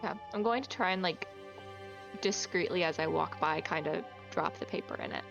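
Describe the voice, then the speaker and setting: A woman's voice: low voice, moderate pace, vocal fry, muffled recording, over music. A woman playing in a tabletop game, describing her character's actions hesitantly, thinking aloud. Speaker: player. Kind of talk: casual tabletop play.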